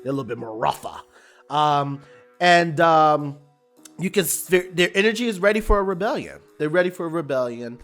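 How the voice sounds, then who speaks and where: A man casually recapping a TV episode, animated and colloquial, rambling with restarts. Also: fairly high pitch, moderate pace, soft background music.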